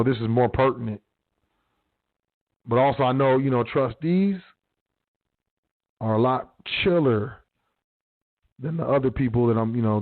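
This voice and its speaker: A man hosting a radio talk show, lecturing his listeners bluntly with street slang and profanity. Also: medium pitch. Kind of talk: casual solo radio talk. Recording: phone-quality radio line with faint music.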